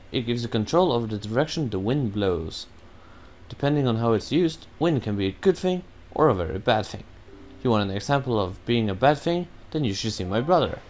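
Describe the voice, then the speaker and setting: A man's voice: lowish voice, natural voice. A man voicing a cheerful male wind god from a video game as he reads the game dialogue aloud in a raised, drawling voice.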